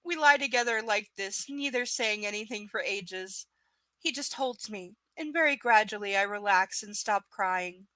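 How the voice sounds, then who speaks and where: A woman's voice: mid-range voice, normal speed, pushed and bright, no echo. A woman reading a novel aloud live and breaking off into sarcastic, profane rants about it. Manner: sarcastic, profane, exasperated asides. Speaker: live book reader. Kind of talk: live reading with ranting commentary.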